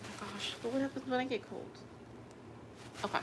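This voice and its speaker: A woman chatting casually to camera at home, expressive and open about her feelings. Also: high-pitched, racing, background noise. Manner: chatty and emotionally expressive, breaks into gospel singing. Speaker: vlogger.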